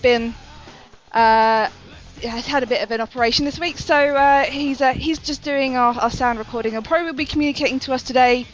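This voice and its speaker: A woman's voice: high-pitched, fairly quick, dull audio, soft background music. Chatty woman hosting a podcast. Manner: chatty, laughs often, many fillers. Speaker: podcast host. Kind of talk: casual chat.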